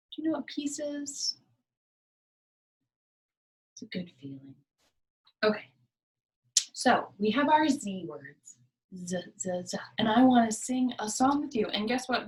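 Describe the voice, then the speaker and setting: A woman leading a library program for small children, talking in a slow, sing-song way and often dropping to soft whispers. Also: mid-range voice. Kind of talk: teaching preschoolers. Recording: voice a bit distant from the mic.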